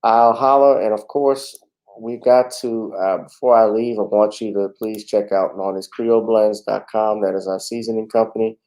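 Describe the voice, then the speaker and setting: A man's voice: fairly low pitch, steady tone, normal speed, darkish tone, poor audio. A man hosting a casual livestream talk show, chatting in a laid-back way with frequent fillers.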